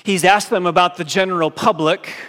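A man preaches in a church sanctuary, his somewhat high voice carrying a long hall reverb. He drives his points home with emphasis and lowers his voice for scripture quotations. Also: steady tone, fairly quick. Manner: emphatic preaching, dropping low and soft for quoted scripture. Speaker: pastor. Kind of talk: sermon.

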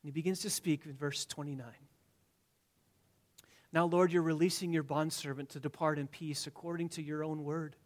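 Fairly high-voiced preacher, hushed to emphatic. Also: male voice, fairly even intonation, moderate pace. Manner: swings from hushed, near-whispered lines to loud emphatic declarations; repeats phrases for emphasis. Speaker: pastor. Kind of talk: sermon.

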